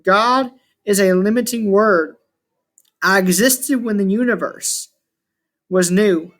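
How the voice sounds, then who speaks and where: A man's voice: sits high, takes it slowly, fairly bright tone. A grumbling, contemptuous ancient chaos god trapped in a small shell creature, read out by a man narrating a storybook. He speaks grandly about eternity and sneers at everyone around him. The reading stays plain and close to an everyday voice. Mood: scornful.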